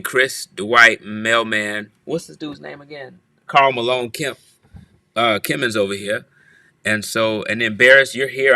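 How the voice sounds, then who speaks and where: Playful man teasing viewers, sharp-toned voice. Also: mid-range voice, creaky, no room sound. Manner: playful, teasing, repeats phrases. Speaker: church leader hosting a livestream. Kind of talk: casual livestream chat greeting viewers. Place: office.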